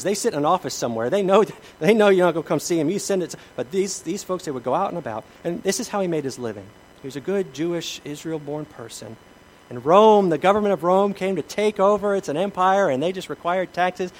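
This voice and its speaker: A middle-aged pastor with a slightly high voice preaches a sermon on poor audio. He tells the story with humor and acts out the voices of the people in it.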